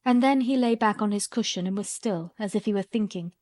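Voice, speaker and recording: Calm woman narrating an audiobook. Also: mid-range voice, a little fast, dry recording. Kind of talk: scripted narration.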